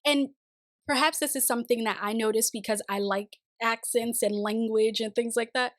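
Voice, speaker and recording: A woman with a fairly high voice chats through a TV series review for her channel. She talks straight to her viewers in a casual, expressive way and laughs often. The sound is close and dry, with no room echo. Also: normal speed. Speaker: TV review vlogger. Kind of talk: casual spoken review to camera.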